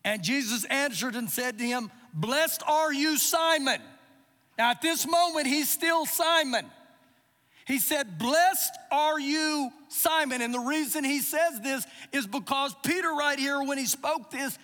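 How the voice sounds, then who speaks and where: A man's voice: very high voice, moderate pace, bright, forceful tone. A man preaching a sermon, reading verses and acting out quotes with emphasis. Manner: expository preaching with dramatized quotes. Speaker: pastor. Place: church service. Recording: live service with long reverb.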